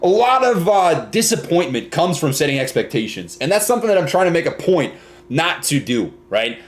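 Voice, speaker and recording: A man's voice: on the high side, big pitch swings, a little fast. A young man from Minnesota hosting a casual live stream, reading viewer comments and often ending lines with "right?" and "man".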